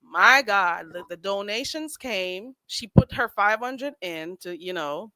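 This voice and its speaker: Sassy bright-voiced woman streamer. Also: medium pitch, unhurried, no echo. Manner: sassy, animated, laughing often. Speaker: livestream host. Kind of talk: casual commentary chat.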